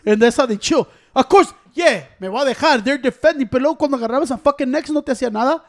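Guy w a high voice ribbing his friends in spanglish. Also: rapid-fire. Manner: brash, teasing, heavy Spanish-English mixing with slang. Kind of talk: casual chat.

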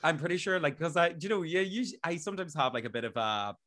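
A man's voice: on the high side, expressive, fast, fairly bright tone. A young man, hosting a podcast in casual chat, talking loosely with lots of fillers and laughing easily. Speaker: podcast host.

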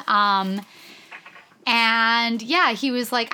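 A woman's voice: mid-range voice, a little slow, bright, forceful tone. A woman co-hosting a podcast, telling stories in casual chat with many ums and some swearing. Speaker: podcast co-host.

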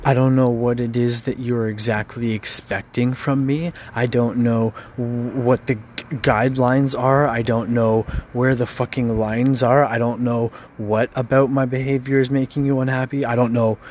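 A man's voice: mid-range voice, little pitch movement, moderate pace, a little mellow, a little hiss or hum. A man venting in an angry rant, frustrated and profane, stumbling over repeated words.

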